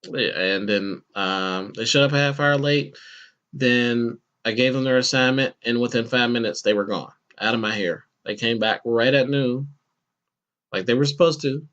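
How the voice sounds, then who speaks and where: A man's voice: normal speed, highs cut off. A man hosting a podcast, telling a story in a casual chat and acting out the people he quotes. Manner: animated, acts out quoted voices with bursts of pitch. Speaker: podcast host.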